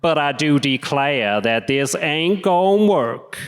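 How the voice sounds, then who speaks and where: A man putting on a Southern American accent to play a genteel Southern gentleman with a slow drawl. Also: a little high, expressive, smooth. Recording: echoey hall.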